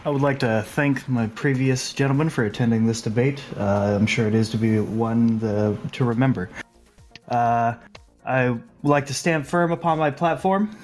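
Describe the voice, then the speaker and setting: A man speaks as a debate candidate in a halting, mock-formal way, pausing often. Faint music runs underneath. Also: medium pitch, a little mellow.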